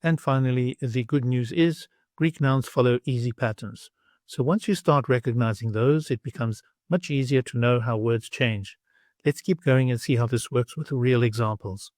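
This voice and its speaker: A man narrating a scripted language lesson in a slow, clear and instructive way. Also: mid-range voice, darkish tone, dry recording, studio quality. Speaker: language teacher.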